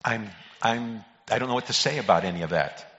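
An older male preacher with a bright, pressing voice leans into a folksy sermon, trading quips with his congregation. His words ring out through a church hall with a long echo, captured on a dull, muffled recording. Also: on the low side, brisk. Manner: folksy joke-telling preacher who calls out to congregation members. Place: church sanctuary.

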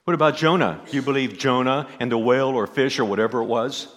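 A man's voice: medium pitch, fast talker, a bit bright, close to an everyday voice. Preacher doing a skeptical man on a plane, probing, with a long echo around him. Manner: challenging, probing questions. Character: skeptical male atheist airplane passenger. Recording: echoey hall.

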